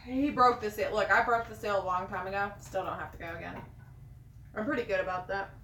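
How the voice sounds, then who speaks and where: A woman's voice: mid-range voice, fast, distant mic. A woman co-hosting a live stream from home, chatting casually and talking to her dogs in between. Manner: animated, talks to her dogs. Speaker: livestream co-host. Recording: roomy echo, away from mic, faint noise.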